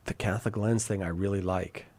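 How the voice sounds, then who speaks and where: A man's voice: on the low side, fairly even intonation, a little fast, darkish tone. A man hosting a live call-in talk show, chatting casually and joking about himself while reacting to viewer comments. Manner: joking, self-deprecating, reads viewer comments. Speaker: radio show host.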